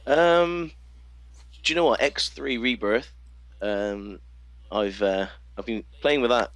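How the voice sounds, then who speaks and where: A man's voice: medium pitch, takes it slowly, a bit bright, dry recording. A man from the United Kingdom, a guest on a casual podcast over a video call, easygoing and hesitant with many fillers. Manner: easygoing, hesitant, many ums and you-knows.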